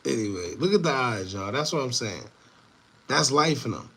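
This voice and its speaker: Animated man talking to viewers. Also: medium pitch, moderate pace, slightly rough. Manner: animated, repetitive, laughing asides. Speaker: show host. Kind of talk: casual commentary to viewers.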